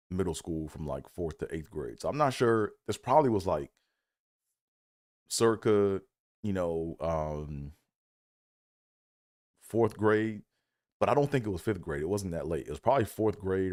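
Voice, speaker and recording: A man's voice: low voice, expressive, moderate pace, long pauses, a little mellow, no room sound, studio quality. A man from Maryland telling a loose, profane childhood story with lots of fillers and restarts. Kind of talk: casual comedic storytelling.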